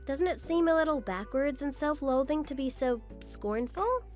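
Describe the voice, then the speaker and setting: A woman playing a patient, high-voiced young daughter-in-law. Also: animated, normal speed, faint music behind. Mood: pushing back. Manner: apologetic, mildly defensive.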